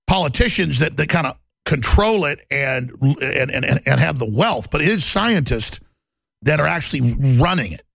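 A man's voice: on the high side, gravelly, fairly bright tone, no room sound. A man hosting a talk show, delivering an intense, heated, rambling monologue.

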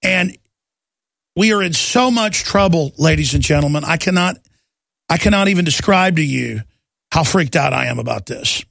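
A man's voice: a little high, lively intonation, moderate pace, fairly bright tone, dry recording, studio quality. A middle-aged man hosting a talk radio show, delivering an urgent, impassioned political monologue. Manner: gravelly, urgent, ranting delivery.

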